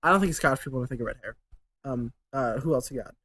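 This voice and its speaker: A man's voice: mid-range voice, fast talker, a bit bright. A man hosting his channel in a casual rambling monologue, sarcastic and swearing, with lots of fillers. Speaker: channel host.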